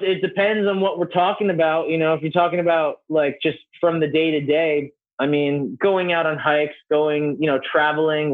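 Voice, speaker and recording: Rambling guest on a tinny call line. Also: male voice, fairly high pitch. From New Jersey. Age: 30s. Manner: rambling, filler-heavy, jokey. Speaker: podcast guest. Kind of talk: casual interview chat. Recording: tinny phone-like call audio.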